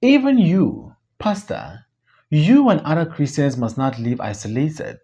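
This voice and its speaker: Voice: medium pitch, very animated, unhurried, warm tone, breathy edge, exaggerated voice. A reader voicing a fiery young male leader who speaks in a commanding, preaching way, on a dull lo-fi recording. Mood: rousing.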